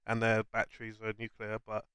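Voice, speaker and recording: A man's voice: on the low side, monotone, fairly quick, bright, forceful tone, smooth, dry recording. A young man co-hosting a casual film chat, enthusiastically explaining ideas in long chains. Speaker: co-host.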